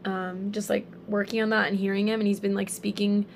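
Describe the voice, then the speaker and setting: A young woman telling a story in a casual faith chat, animated and full of fillers. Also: medium pitch, fairly quick, gravelly, a little hiss or hum.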